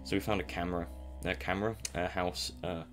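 A man's voice: low-pitched, steady tone, fairly quick, over music. A young man giving casual, rambling commentary over a survival game, self-mocking and chuckling often. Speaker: gameplay commentator.

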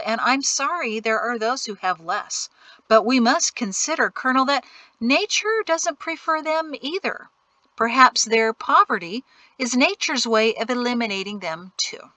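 A woman's voice: a little high, lively intonation, a little slow, bright, forceful tone, no echo. A woman reading an audiobook voices a greedy wealthy man who speaks in a sickly sweet, condescending way. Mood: syrupy. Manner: syrupy, condescending.

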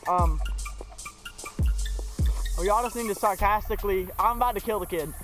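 A man's voice: sits high, moderate pace, over music. A young man vlogging outdoors, talking in a sing-song way and filling every sentence with "sarcastically". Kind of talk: casual outdoor vlog. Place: outdoors by muddy water. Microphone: action camera.

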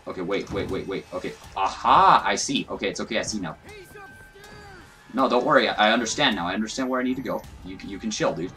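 Deep-voiced young man doing gaming commentary. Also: fast talker, a bit bright, faint music behind. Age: young adult. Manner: casual, profane, self-mocking banter. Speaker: gaming YouTuber. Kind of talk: let's play commentary.

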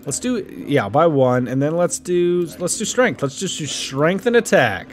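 Animated man commentating a game. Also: a little high, measured pace. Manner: playful, joking, animated reactions. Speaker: gaming YouTuber. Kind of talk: casual let's-play commentary.

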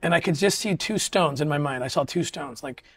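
A man's voice: on the high side, slightly rough. A middle-aged man talking earnestly in a casual interview, often restarting his sentences. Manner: earnest, halting, with many restarts. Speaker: interview guest. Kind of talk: casual conversation.

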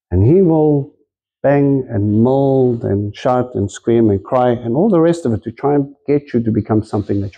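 Man, preacher, conversational sermon, very dark tone, slightly husky. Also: medium pitch. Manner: conversational storytelling, acting out quotes.

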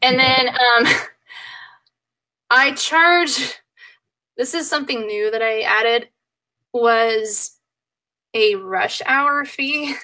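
Guest: bright, fairly high female voice, lively dog trainer, quick laughs. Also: low-quality recording. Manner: animated, laughs often, acts out clients' voices. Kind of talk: casual chat.

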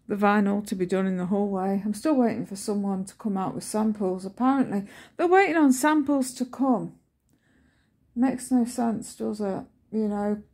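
A woman's voice: mid-range voice, gravelly, warm tone. A woman chatting casually at home, cooing to her cat between stories about waiting on workmen. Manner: chatty, coos in baby talk to the cat. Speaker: vlogger. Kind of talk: casual chat to camera while petting cats. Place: home, indoors.

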